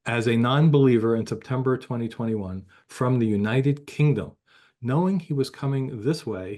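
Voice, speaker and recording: A man's voice: mid-range voice, darkish tone. Chatty, self-deprecating man co-host. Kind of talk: casual podcast chat.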